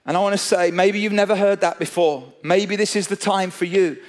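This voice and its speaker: Male preacher, high-pitched, animated storytelling, sermon. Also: fairly quick. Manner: animated storytelling, addresses listeners directly. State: out of breath.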